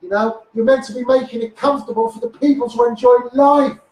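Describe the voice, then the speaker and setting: Ranting Scouse man, high voice, echoey. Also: fairly even intonation, brisk, a little mellow. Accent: Liverpool (Scouse). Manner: angry, swearing, repetitive asides to viewers. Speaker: self-styled activist livestreamer. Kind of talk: ranting Facebook live monologue. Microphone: phone. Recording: echoey room, far from phone mic.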